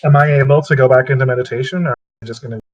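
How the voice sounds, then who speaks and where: A man's voice: mid-range voice, fairly even intonation, rapid-fire, a little mellow, dry recording, highs cut off. A man playing a tabletop game, animatedly describing what his character does. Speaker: player. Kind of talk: casual tabletop role-play.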